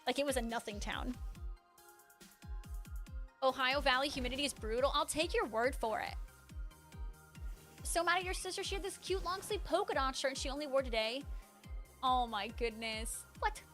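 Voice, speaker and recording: A woman's voice: high voice, animated, moderate pace, pauses often, fairly bright tone, faint music behind. A woman livestreamer casually chatting and answering her chat, full of "like" fillers and bursts of surprise.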